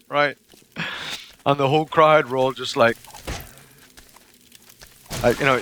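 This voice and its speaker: A man's voice: mid-range voice, slow pace, pauses often, a bit bright, a little hiss or hum. A man livestreaming a game, chatting casually to his viewers in a profane, rambling way. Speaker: livestreaming gamer. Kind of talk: casual chat while playing a game.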